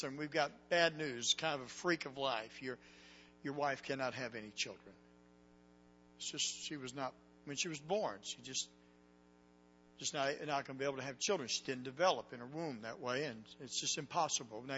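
A man preaching a sermon, telling a story with dramatic swings from hushed tones to loud cries. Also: on the high side, long reverb tail. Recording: dull lo-fi recording with faint hum.

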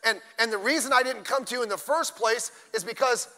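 Older preacher, high bright voice. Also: male voice, a little fast, in a large hall. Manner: conversational preaching with asides and sudden loud bursts. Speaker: pastor. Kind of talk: sermon. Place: church sanctuary.

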